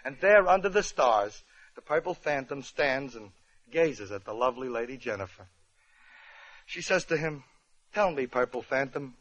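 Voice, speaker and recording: A man's voice: mid-range voice, lively intonation, normal speed, a bit bright, highs cut off. A male comedian narrating a parody story, with chatty wisecracking asides, on an old radio recording.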